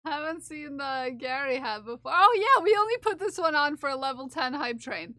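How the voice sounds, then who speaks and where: High bright-voiced woman streamer, playful. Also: expressive, no echo, studio quality. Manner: playful, giggly, repeats phrases in silly drawn-out voices. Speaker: livestreamer. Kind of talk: casual live-stream chat with viewers.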